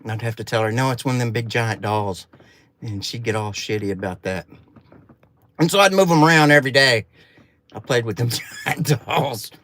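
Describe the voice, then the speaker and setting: A man's voice: medium pitch, normal speed, long pauses, fairly bright tone. A man from Arkansas with a Southern accent, telling a rambling, profane story in a folksy, casual way.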